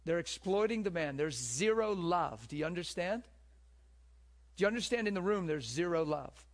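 A man's voice: sits high, expressive, brisk. A man preaching a sermon to a live audience, telling stories and asking the room questions. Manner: storytelling, asks the room questions.

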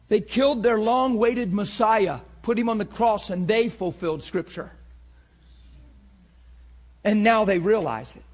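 A man preaching a sermon with passion, moving between loud bursts and hushed, intense talk. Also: high-pitched, a little slow, pauses often.

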